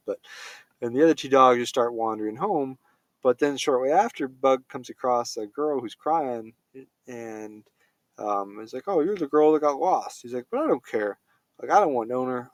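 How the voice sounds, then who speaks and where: A man's voice: mid-range voice, dry recording. A man giving a casual spoken film review, rambling with many fillers and self-corrections.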